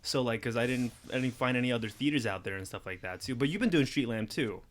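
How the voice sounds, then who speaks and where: A young man hosting a casual podcast chat, animated and laughing often, swearing freely as he tells stories. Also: mid-range voice, quick pace, slight background noise. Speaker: podcast host.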